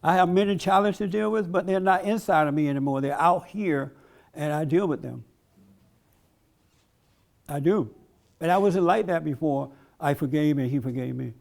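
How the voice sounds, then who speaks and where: A man's voice: on the high side, moderate pace, gravelly, long pauses, a little mellow. A man giving a blunt, emphatic preaching-style talk at a conference, laughing along with his audience. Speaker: conference speaker.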